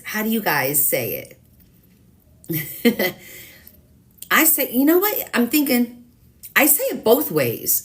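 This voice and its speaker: A woman's voice: fairly high pitch, wildly swooping pitch, takes it slowly, pauses often, fairly bright tone. A woman hosting a live watercolor stream, chatting casually and teasing herself as she thinks aloud while painting. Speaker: live-stream craft host.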